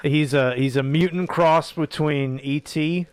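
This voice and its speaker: A man's voice: fairly high pitch, steady tone, measured pace, smooth, no echo. A young man co-hosting a movie review podcast, cracking dry jokes in casual banter. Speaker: podcast co-host.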